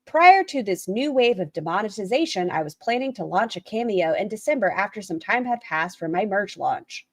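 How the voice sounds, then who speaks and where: A woman's voice: medium pitch, expressive, moderate pace, few pauses, dry recording, clean studio sound. A woman hosting a livestream, reading out a written statement and viewers' chat messages and commenting on them bluntly, swearing casually. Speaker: livestream host.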